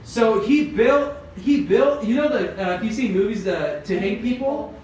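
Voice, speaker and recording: A man's voice: high-pitched, expressive, moderate pace, crowd noise. A man preaching a casual youth-group sermon, retelling a Bible story in a loose, conversational way with many fillers. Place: church youth group room. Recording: very echoey room, distant mic, faint noise.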